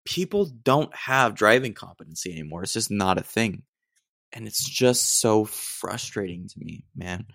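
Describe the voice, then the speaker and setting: A man's voice: lowish voice, animated, unhurried, creaky, fairly bright tone, no room sound, clean studio sound. An American man hosting a solo podcast, rambling and ranting in a mock-exasperated way with lots of digressions. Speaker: podcast host. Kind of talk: casual solo podcast rant.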